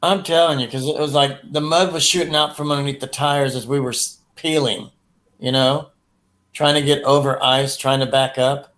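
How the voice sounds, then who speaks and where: A man's voice: medium pitch, steady tone, moderate pace, fairly bright tone, rough recording. A man hosting a livestream, chatting casually in a rambling way with crude jokes and lots of fillers. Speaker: livestream host. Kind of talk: casual chat.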